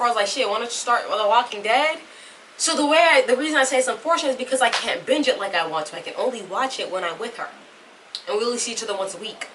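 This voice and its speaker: Bright and forceful at a medium pitch, a young woman chats talkatively to the camera in a put-on Southern US accent. It's a rambling home vlog, captured by a camera mic set some distance away, with faint room noise in the background.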